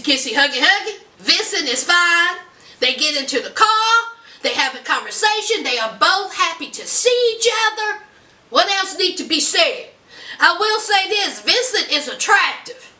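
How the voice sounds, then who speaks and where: Brief: sassy woman vlogger, very high and bright voice, echoey room, distant mic. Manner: sassy, chatty, colloquial. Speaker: reality TV recap vlogger. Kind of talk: casual recap commentary.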